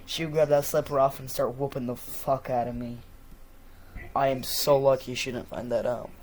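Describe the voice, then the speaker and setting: A man's voice: medium pitch, little pitch movement, normal speed, darkish tone, a little hiss or hum. A man with a stuffy nose talking in a casual, rambling monologue, profane and full of fillers. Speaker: vlogger.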